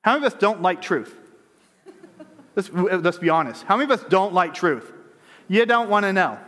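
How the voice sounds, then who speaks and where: A man with a high voice delivers a sermon, moving between scripture reading and chatty, question-filled commentary. His voice rings out with a long reverb tail from a big hall. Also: lively intonation, normal speed, fairly bright tone. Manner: conversational preaching with rhetorical questions; reads scripture aloud then riffs on it. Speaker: pastor.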